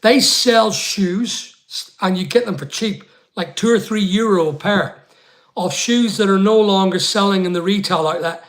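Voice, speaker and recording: A Northern Irish man with a fairly high voice, hosting a casual livestream. He chats loosely and rambles, calling out viewers by name as he answers them. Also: measured pace. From Northern Ireland. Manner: chatty and rambling, talks straight to viewers by name. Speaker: online seller hosting a live chat.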